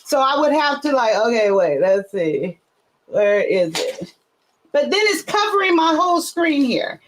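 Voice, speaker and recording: A high-voiced woman talks over a video call from her home, her pitch leaping and dropping as she tells a story. She acts out her own quotes with animated energy. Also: measured pace, a little hiss or hum. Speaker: host. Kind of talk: casual chat on a video call. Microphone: webcam on a video call.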